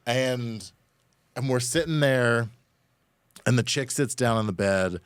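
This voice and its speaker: A man's voice: mid-range voice, slow pace, smooth, no room sound, clean studio sound. A man casually telling a rambling, profane story on a podcast, full of fillers. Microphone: studio microphone.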